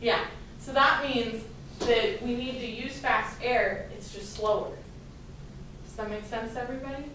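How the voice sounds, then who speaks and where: A woman's voice: on the high side, steady tone, normal speed. Upbeat woman teaching a band class. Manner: upbeat, encouraging, counts off. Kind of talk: classroom instruction. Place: school band room. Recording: roomy, distant, noisy classroom.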